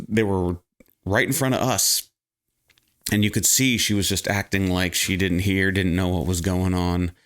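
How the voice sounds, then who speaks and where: A man vlogging, casually retelling a story and acting out the people in it with a raised voice. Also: fairly low pitch. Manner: animated, acts out quoted people in raised voice; frequent restarts and fillers.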